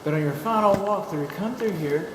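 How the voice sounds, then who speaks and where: Inside an empty new house, echoey and carrying steady background noise, a man from Texas narrates an inspection walkthrough for his client. His voice sits high at a moderate pace, folksy and chatty with jokes tossed in.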